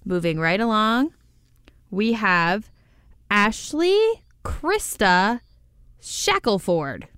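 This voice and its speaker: A woman's voice: medium pitch, big pitch swings, drawn-out words, long pauses, bright, forceful tone, smooth, no room sound, studio quality. A woman co-hosting a casual recap podcast, giggling and stumbling as she reads out listeners' names. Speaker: podcast co-host.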